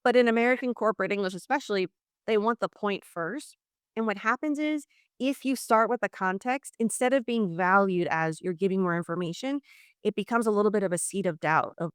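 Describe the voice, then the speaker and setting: Fairly quick and clear, with a resonant mid-range tone, the woman is recorded dry with clean studio sound. She's a leadership communication coach from New Orleans, Louisiana, guesting on a video-call interview, where she explains ideas and acts out quoted exchanges with lively voices.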